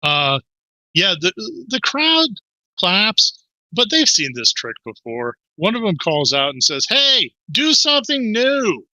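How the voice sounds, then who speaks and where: A man with a strikingly bright voice narrates a tabletop role-playing game as its game master. He tells the scene briskly with plenty of fillers, recorded close and dry. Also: fairly high pitch, big pitch swings, no echo, low-quality recording.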